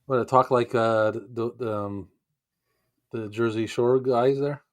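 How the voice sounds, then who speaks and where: A playful man hosts a casual podcast chat at an ordinary middle pitch, laughing often. The sound is dry and close, with no echo. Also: steady tone, a little slow. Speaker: podcast host.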